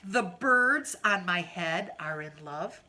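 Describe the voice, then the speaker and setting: A woman voicing a big, nervous male elephant in a picture book, loud and alarmed. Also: lowish voice, expressive, slow pace, noisy background.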